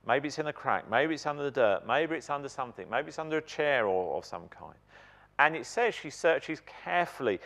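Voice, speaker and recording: Animated, higher-voiced male preacher. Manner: animated, emphatic preaching with questions to the congregation. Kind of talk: sermon. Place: church.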